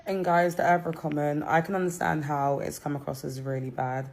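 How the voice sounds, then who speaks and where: A young woman from Britain giving a candid, hesitant apology with many pauses. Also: low-pitched, level tone, vocal fry, darkish tone. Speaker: reality show contestant. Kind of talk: apology statement.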